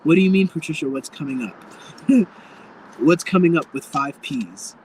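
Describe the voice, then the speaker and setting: A tarot reader gives a live reading to viewers, speaking frankly and campily, calling people darling and swearing freely. His animated voice is on the high side at a moderate pace, and the rough recording has a little hiss or hum.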